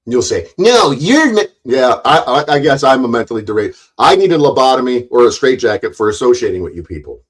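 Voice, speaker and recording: A man who runs his own channel, delivering a heated livestream rant in a forceful, mocking and sarcastic way, full of swearing. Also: mid-range voice, expressive, quick pace, few pauses. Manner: loud, forceful delivery that he calls passion. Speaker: YouTube channel owner.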